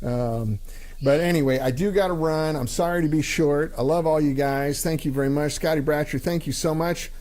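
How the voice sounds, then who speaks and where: A man's voice: a little high, moderate pace, a little mellow. A man hosting a livestream, chatting casually and joking, with lots of ums and uhs. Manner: rambling, joking, frequent fillers. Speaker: livestream host. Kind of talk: casual chat.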